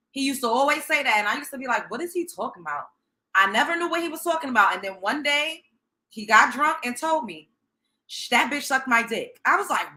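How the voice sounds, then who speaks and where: A woman's voice: high voice, lively intonation, a little fast, bright, forceful tone. A young woman from Brooklyn, hosting a show and telling a story in a blunt, profane, sassy way. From Brooklyn, New York. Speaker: host. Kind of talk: storytelling commentary.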